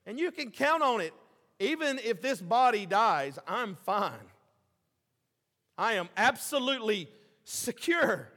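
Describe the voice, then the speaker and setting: A man preaching a sermon, passionate, swinging between loud emphasis and quiet, low asides. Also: very animated, slow pace, long pauses. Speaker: pastor. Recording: hall reverb.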